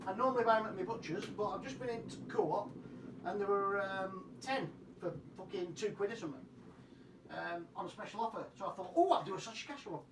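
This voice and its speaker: A man's voice: high-pitched, a little fast, background noise. Sweary, chatty man cooking. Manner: chatty, sweary and self-mocking. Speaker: home cooking vlogger. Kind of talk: casual cooking demonstration. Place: home kitchen. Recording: roomy, distant kitchen sound.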